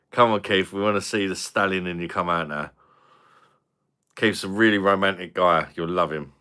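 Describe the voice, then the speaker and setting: A man hosts a casual live stream, greeting viewers and trading crude, joking banter. His voice sits fairly low but has a bright, forceful edge, and he laughs often between lines. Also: fairly even intonation, unhurried, long pauses, smooth.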